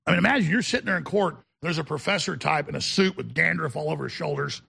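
A man hosting a talk show, ranting to viewers in a combative, mocking way, breaking into shouts and stammering restarts when worked up. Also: a little high, fast talker, vocal fry, husky.

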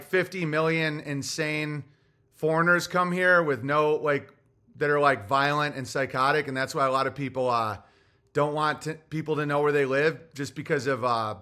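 Brief: male comedian host, fairly high, bright and sharp, loose profane monologue. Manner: rambling, provocative, profane. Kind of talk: casual livestream monologue.

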